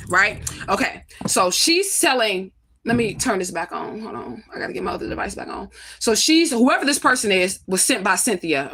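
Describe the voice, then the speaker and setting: A woman's voice: on the high side, fairly bright tone, slight background noise. Woman, St. Louis, casual vlog to camera, profane, emphatic, rhetorical questions. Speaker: vlogger.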